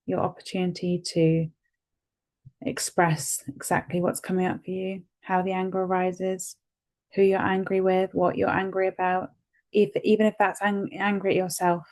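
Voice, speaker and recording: A woman guiding a tapping session, speaking calmly and gently and repeating phrases for the listener to say back. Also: on the low side. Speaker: EFT tapping guide.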